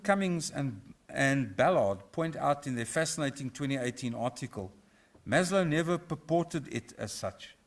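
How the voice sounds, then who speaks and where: A middle-aged professor from South Africa, giving a formal inaugural lecture in a measured, reflective way with a touch of humour. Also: male voice, mid-range voice. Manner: measured, reflective, lightly humorous. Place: university auditorium.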